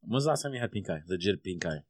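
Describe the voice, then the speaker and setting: A man's voice: sits low, animated, racing, dry recording, studio quality. A man hosting a podcast with a sore throat, telling crude jokes and stories in casual chat. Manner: crude, jokey storytelling. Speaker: podcast host.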